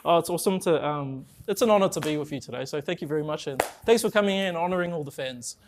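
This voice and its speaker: A man interviewing a guest in a relaxed, friendly, casual way. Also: on the high side, quick pace, a little hiss or hum.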